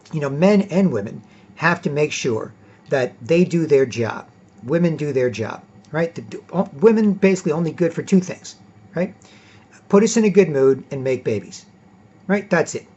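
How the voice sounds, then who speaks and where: A man with a husky, slightly raised voice holds forth in a rambling vlog lecture. He is emphatic and blunt, swears freely and keeps checking in with "right?". The recording is dull and lo-fi. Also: a little high, darkish tone. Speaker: vlogger. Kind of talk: casual lecturing monologue.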